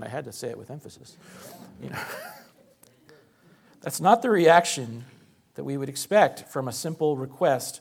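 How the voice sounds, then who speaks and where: A pastor preaching to his congregation, with a man's voice at an ordinary middle pitch. He talks through the passage plainly and conversationally. He leans on rhetorical questions to draw his listeners in. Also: animated, normal speed, vocal fry, pauses often, breathy edge. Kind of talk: sermon.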